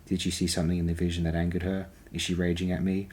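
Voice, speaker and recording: A man voicing the quiet inner thoughts of a brooding young ruler. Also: sits low, completely flat delivery, fast, natural voice.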